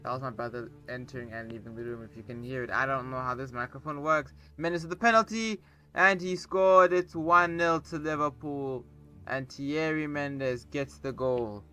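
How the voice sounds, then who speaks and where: A man's voice: medium pitch, moderate pace, clean tone, soft background music. Young man calling a football video game. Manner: excitable play-by-play, rambling asides. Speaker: gaming YouTuber. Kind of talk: casual gameplay commentary. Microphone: borrowed cheap microphone.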